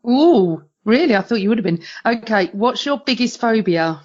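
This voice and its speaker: A woman co-hosting a podcast, firing off quick, bubbly questions at a guest. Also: on the high side, animated. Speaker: podcast co-host. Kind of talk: casual chat. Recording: dull lo-fi recording.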